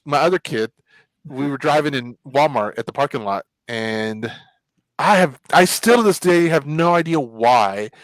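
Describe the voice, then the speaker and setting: Animated storytelling man host. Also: a little high, no echo, low-quality recording. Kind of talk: casual chat.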